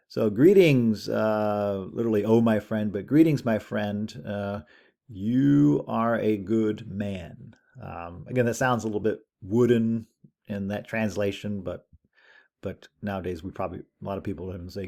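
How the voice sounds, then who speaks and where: A man teaching an introductory Latin class in a relaxed, conversational lecture, thinking aloud as he goes. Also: lowish voice, moderate pace, vocal fry. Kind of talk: recorded lecture over screen share.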